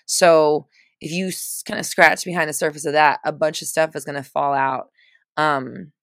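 A woman's voice: deep voice, a bit bright, no echo, studio quality. A woman giving casual, chatty coaching on a live stream, full of fillers and restarts, stressing points by repeating phrases.

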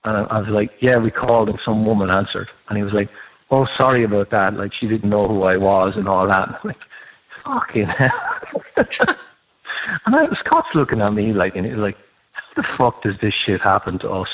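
Low-voiced man telling a story casually. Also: a little fast, low-quality recording. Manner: swears freely, animated storytelling.

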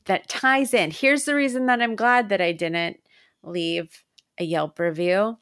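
A woman's voice: medium pitch, measured pace, clean tone, no room sound, studio quality. A woman co-hosting a casual comedy podcast, telling stories in a chatty way. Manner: chatty storyteller, animated when retelling. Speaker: podcast co-host.

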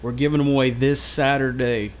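A man's voice: medium pitch, steady tone, brisk, slight background noise. A man hosting a podcast in casual chat, joking around and rattling off show plugs. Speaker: podcast host.

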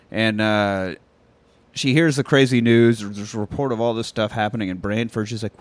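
A man retelling a movie plot in loose, foul-mouthed podcast chat, slipping into quick impressions of the characters. His voice sits in a middle register and sounds close and dry, with no room around it. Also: medium pitch, no room sound. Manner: profane, jokey, acts out movie lines. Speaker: podcast host. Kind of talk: casual film recap chat.

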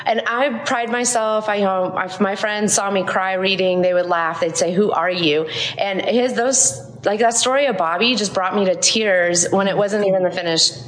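A woman's voice: medium pitch, normal speed, low-quality recording. Candid middle-aged woman, laughing storyteller. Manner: candid, laughs while telling stories. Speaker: guest, author's wife and editor. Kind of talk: casual conversation.

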